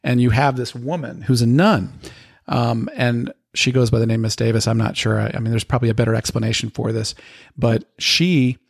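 A man's voice: mid-range voice, steady tone, fairly quick, gravelly, dry recording, studio quality. A man co-hosting a casual podcast chat, enthusiastic and prone to repeating words as he talks. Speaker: podcast co-host.

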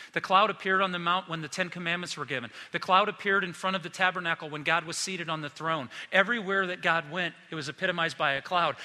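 A middle-aged male pastor giving an animated sermon, acting out the disciples in quick asides. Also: on the high side, big-room sound.

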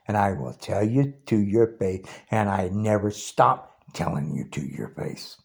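Ranting man in his sixties, swinging pitch. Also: lively intonation, measured pace, creaky. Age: 60s. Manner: ranting, taunting, challenging. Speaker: video blogger. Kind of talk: angry political rant.

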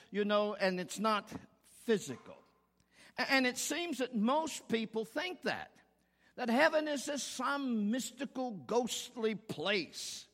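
Pastor guy preaching in a church, high voice, big echoey room, tells jokes then hammers points home. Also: fairly bright tone. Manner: jokey storytelling, then emphatic rhetorical preaching. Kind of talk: sermon. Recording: long hall reverb.

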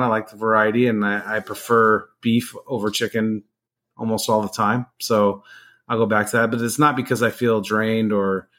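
A man's voice: fairly low pitch, a bit bright. A man in his forties, a guest in a casual interview, answering in a plain, matter-of-fact way. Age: 40s.

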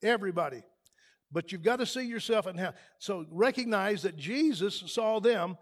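A man preaching a sermon in a church, building to loud emphatic peaks. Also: high-pitched, expressive, normal speed. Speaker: pastor. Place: church sanctuary.

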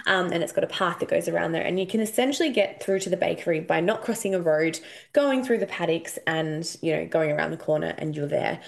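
A woman's voice: fairly low pitch, fairly quick, creaky. Chatty Australian woman hosting a podcast. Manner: chatty storyteller, animated quoting of herself. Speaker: podcast host and intuition coach. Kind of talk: casual solo podcast talk.

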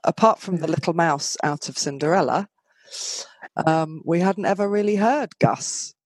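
A woman's voice: lowish voice, normal speed, slightly rough, dry recording. Chatty woman podcast host, dry close sound. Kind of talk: casual conversational chat.

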